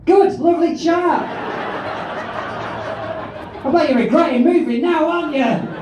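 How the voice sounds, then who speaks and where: A man hosting a stand-up show, teasing the audience in a brash, sweary, shouting way during crowd work. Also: very high-pitched, measured pace. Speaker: comedy host and compere. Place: large comedy auditorium with live audience. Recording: echoey hall, distant mic, crowd noise.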